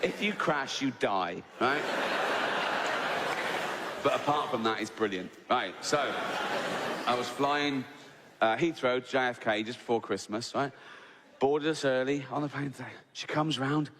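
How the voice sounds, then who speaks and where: English comedian on stage, booming hall. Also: male voice, unhurried, long pauses, noisy background. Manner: conversational, keeps checking in with "right?"; swears freely, acts out exasperated little scenes. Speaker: stand-up comedian. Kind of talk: stand-up comedy routine. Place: large theatre on stage. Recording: live hall with long reverb, faint ambience.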